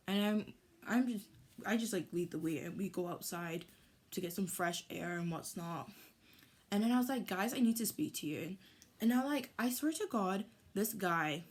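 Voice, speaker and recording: A woman vlogger telling a storytime, animated and heated, with lots of "like". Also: mid-range voice. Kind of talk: storytime vlog.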